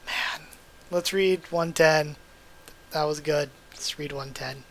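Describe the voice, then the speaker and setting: A man's voice: fairly high pitch, takes it slowly, fairly bright tone, slight background noise. A man reading a comic aloud for his channel, reacting emotionally between panels, his voice strained. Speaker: YouTuber reading manga aloud. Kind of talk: comic readthrough with commentary.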